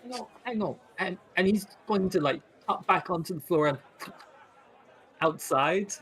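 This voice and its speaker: A man's voice: sits high, measured pace, a bit bright. A man playing a tabletop game, speaking hesitantly and goofily in character. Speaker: player.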